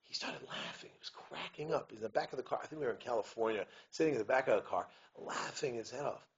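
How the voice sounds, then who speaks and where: A rabbi gives a lively community talk in a fast, mid-range voice, captured in a muffled recording. He wanders off on tangents, keeps checking whether listeners understand, and chants Hebrew verses.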